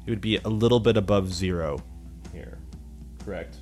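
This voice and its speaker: A man's voice: sits low, moderate pace, soft background music. An American man hosting a podcast, chatting casually, joking and stumbling over his words. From United States. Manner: stammering, joking, animated. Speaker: podcast host.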